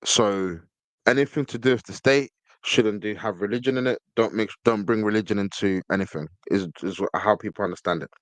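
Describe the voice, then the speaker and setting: A man's voice: lowish voice, fairly quick, no room sound. A man hosting a podcast in casual commentary, reading text from a screen and stressing his points with repeated words. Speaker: podcast host.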